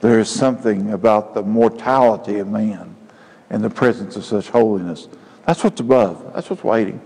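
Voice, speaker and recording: A male pastor preaching a sermon, building to loud emphatic peaks. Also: on the low side, normal speed, slightly rough. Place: church sanctuary. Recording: church hall with long reverb.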